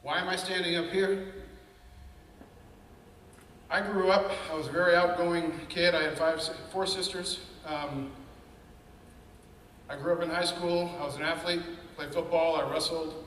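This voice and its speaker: Man in his fifties, a bit high-voiced, animated storyteller, heard from afar in a big echoey hall. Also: measured pace, long pauses, distant mic, slight background noise. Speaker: panel speaker. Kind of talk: personal storytelling talk.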